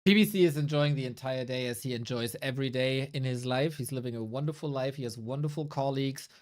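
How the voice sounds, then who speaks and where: A woman's voice: extremely low pitch, fast talker, a little mellow. A woman casting a live strategy game tournament in a jokey, bantering way. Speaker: esports caster.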